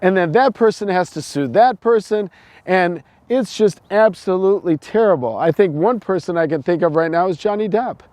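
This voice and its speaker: A man's voice: sits high, moderate pace, a little mellow, no echo. A middle-aged man from the United States, giving a preachy opinion monologue full of restarts and repeated words. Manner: repetitive, preachy, stumbling restarts.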